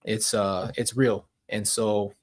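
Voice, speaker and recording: A man's voice: fairly low pitch, little pitch movement, slow. A man hosting a livestream, speaking to his viewers in casual, heartfelt chat and often repeating himself. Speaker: livestream host.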